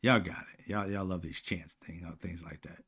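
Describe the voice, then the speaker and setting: A man's voice: sits low, steady tone, brisk, a bit bright, husky. Blunt mocking man in casual commentary. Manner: blunt, mocking, profane slang. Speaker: commentary channel host.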